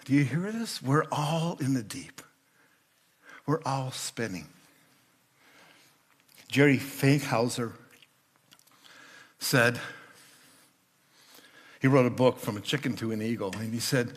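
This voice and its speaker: An older man giving a storytelling sermon as a guest speaker in church, sometimes voicing the people in his stories loudly. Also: mid-range voice, animated, slow pace, long pauses. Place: church sanctuary.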